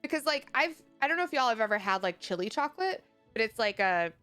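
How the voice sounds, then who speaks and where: A woman's voice: a little high, big pitch swings, fast, a bit bright. A young woman chatting casually on a live stream, reading chat messages aloud and laughing often. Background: faint music.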